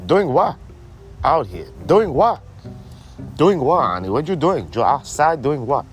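A man's voice: mid-range voice, very animated, normal speed, faint music behind, voice pushed up, lightly acted. A man doing a rambling stoner buddy who says "man" constantly. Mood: badgering. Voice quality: ends nearly every phrase with "man", rambling and loud. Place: outdoors in a backyard.

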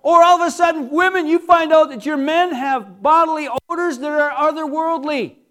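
A middle-aged man delivers a sermon with an unusually high voice. He talks in a loose, conversational way, cracking jokes and asking the congregation one rhetorical question after another. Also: fairly even intonation, moderate pace, a bit bright. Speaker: pastor.

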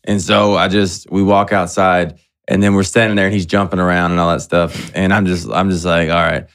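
A young man who talks fast and rambles, piling on fillers and swearing as he tells stories on a casual podcast. His voice sits a little low for a man. He's a comedian, and it shows in how animated his storytelling gets. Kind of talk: casual chat.

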